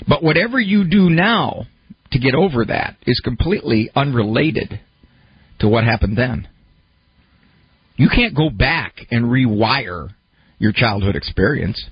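A man with a slightly raised, husky voice speaks in a lively, rising-and-falling way, posing questions and walking through everyday examples. The recording is muffled and dry, with no room sound. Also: fairly high pitch, slow, pauses often, no room sound. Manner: talks through examples, posing questions and putting on a complaining listener's voice. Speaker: speaker on psychology and self-help. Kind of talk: conversational lecture.

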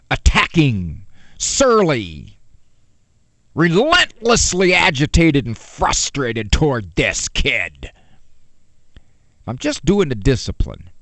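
A man gives a parenting talk full of jokes and rhetorical questions. His voice is high and swings widely. The sound is dry and close. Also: creaky, dry recording. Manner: animated, joking asides, rhetorical questions. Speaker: parenting speaker.

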